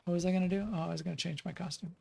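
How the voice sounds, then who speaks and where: A game developer from the United States talks through a live stream while playing, rambling from one thought to the next. The voice has a gravelly, creaky edge and sits at an ordinary middle pitch. The speech is loose and unscripted, full of ums, uhs and restarted sentences. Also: little pitch movement, rapid-fire, a little mellow. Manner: rambling, chatty, lots of fillers and restarts. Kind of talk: live stream gameplay chat.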